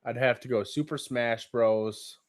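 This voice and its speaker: A man's voice: mid-range voice, fairly even intonation, measured pace. A man co-hosting a casual gaming podcast, rambling with fillers and swearing.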